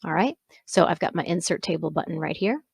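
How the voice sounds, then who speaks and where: A woman instructor talking through a software exercise step by step, pausing to correct herself along the way. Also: lowish voice, animated, creaky, husky, no room sound. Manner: step-by-step, self-correcting with small asides. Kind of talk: screen-recorded software walkthrough.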